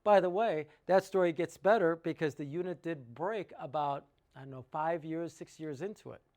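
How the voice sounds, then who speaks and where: A man's voice: fairly high pitch, normal speed, a little mellow. Upbeat man walking through cost math. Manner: enthusiastic, works sums aloud, asks rhetorical questions. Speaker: water treatment educator and salesman. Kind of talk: informal sales presentation.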